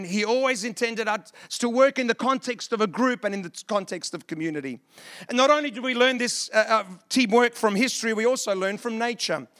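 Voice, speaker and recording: A man's voice: extremely high pitch, a bit bright. A middle-aged man preaching a sermon, telling a folksy story and joking with the congregation. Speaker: pastor.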